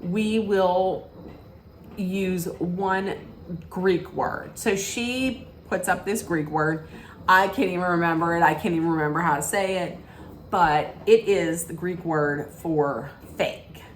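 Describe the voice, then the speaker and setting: Woman, gossipy recap, rambling, acts out quotes, slow-paced, lowish voice. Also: slight background noise. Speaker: reality TV recapper.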